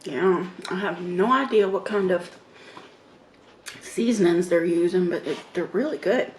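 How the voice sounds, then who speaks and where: Slow-talking woman on an eating show. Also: fairly low pitch. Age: middle-aged. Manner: slow, relaxed talk between bites with soft murmurs of approval. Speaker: mukbang vlogger. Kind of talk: casual eating-show chat. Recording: echoey room with faint background noise.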